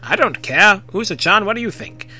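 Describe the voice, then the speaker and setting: A man voicing an awkward, gentle teenage girl who stammers and hesitates. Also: high voice, lively intonation, normal speed, slightly rough, faint music behind, pitched above the performer's own voice, exaggerated voice.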